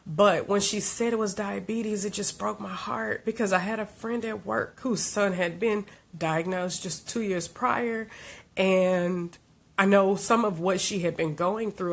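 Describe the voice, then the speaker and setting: A woman life coach telling a personal story to camera, earnest and heartfelt, her voice climbing high when she relives her frustration. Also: measured pace, creaky.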